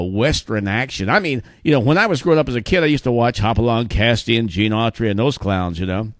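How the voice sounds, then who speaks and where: A man's voice: mid-range voice, vocal fry, no room sound, studio quality. A man in his sixties hosting his show, talking casually to viewers in a rambling way full of fillers and asides. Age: 60s. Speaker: show host.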